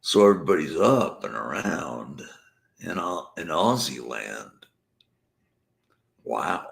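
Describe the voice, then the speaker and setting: Very deep, gravelly man rambling late at night. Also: expressive, takes it slowly, pauses often, a bit bright. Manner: rambling, drifting, talking to the chat. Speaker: channel host. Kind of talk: casual late-night live stream chat.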